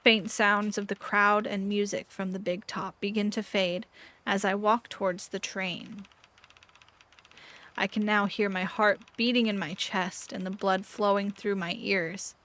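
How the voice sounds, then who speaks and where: A woman streamer narrating an interactive mystery book aloud, playful and animated between passages. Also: medium pitch, unhurried. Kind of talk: dramatic read-aloud narration.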